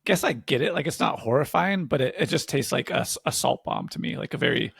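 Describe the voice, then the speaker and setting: A man's voice: medium pitch, very animated, quick pace, creaky, a bit bright, breathy edge, dry recording. A man co-hosting a podcast in casual chat, joking and laughing often into a close mic. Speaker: podcast co-host.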